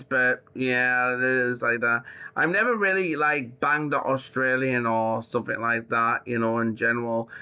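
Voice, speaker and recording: A man's voice: medium pitch, sharp tone. A man in casual chat who rambles, swears, and leans on fillers like "like" and "in general". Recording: slightly muffled lo-fi audio.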